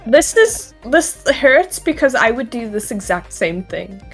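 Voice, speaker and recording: A woman's voice: a little high, measured pace, breathy edge, soft background music. A young woman chatting casually as an interview guest on a voice call, laughing often and swearing now and then. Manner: giggly, swearing, lively. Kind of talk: casual online chat.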